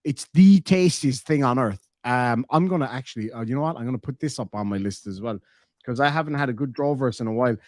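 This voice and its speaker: A man's voice: mid-range voice, fast talker, a little mellow, no room sound, studio quality. An Irish man hosting a reaction video, talking casually, bluntly and mockingly, and swearing freely. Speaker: host reacting to clips.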